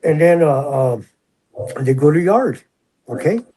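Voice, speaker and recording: A man in his sixties, a retired prison officer, telling stories in a relaxed, chatty way and acting out the voices of others. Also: fairly high pitch, unhurried, slight background noise, poor audio. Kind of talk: casual storytelling.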